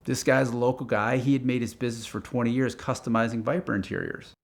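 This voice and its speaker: A man telling a casual story about a car project, acting out the phone calls in quick quoted lines. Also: mid-range voice, fairly even intonation, vocal fry.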